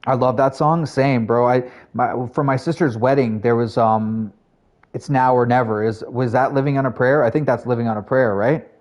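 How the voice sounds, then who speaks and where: Mellow-voiced male streamer chatting. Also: mid-range voice, steady tone, moderate pace. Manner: chatty, rambling, talks to chat, frequent fillers. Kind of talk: casual live-stream chat.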